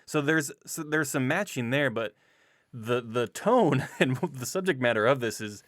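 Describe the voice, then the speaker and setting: A man's voice: mid-range voice, expressive, measured pace, fairly bright tone, dry recording. A man with a mid-range voice weighs in thoughtfully on comics, with a wry aside here and there. The recording is dry and close. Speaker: podcast co-host. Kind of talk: casual chat about comics.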